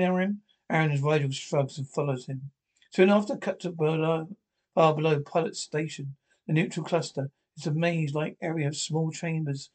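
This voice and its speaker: A man's voice: fairly high pitch, a little mellow. A man reading an episode script aloud, directions and dialogue alike, with frequent stumbles and restarts. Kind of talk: read-aloud script narration.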